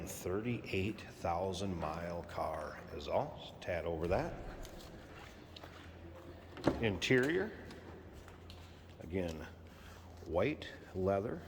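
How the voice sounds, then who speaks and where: A man giving a relaxed, plainspoken walkaround sales pitch for a classic car in a large indoor showroom. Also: big-room sound, background noise. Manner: relaxed, plainspoken, repeats key points.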